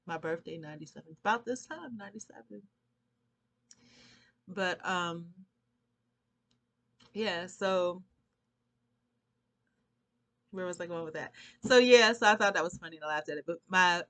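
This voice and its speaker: A woman's voice: on the low side, fairly bright tone. A woman vlogging, telling a long casual story in a rambling, chatty way and laughing often.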